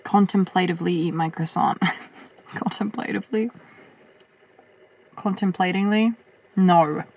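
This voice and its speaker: A young woman vlogging casually as she answers viewer questions, chatty and reflective, with lots of fillers and a voice that turns a little husky at times. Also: lowish voice. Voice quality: sometimes husky. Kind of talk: casual chat.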